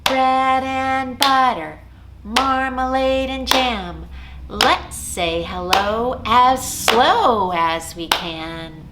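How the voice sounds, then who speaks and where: A woman leading a children's storytime as a librarian, singing songs and chanting rhymes in a slow, sing-song way. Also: on the high side, background noise. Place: library program recorded at home.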